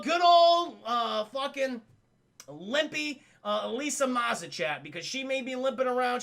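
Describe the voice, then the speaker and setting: A man recapping a cartoon episode for his stream chat, talking casually, excitably, and with a lot of swearing. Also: high voice, vocal fry.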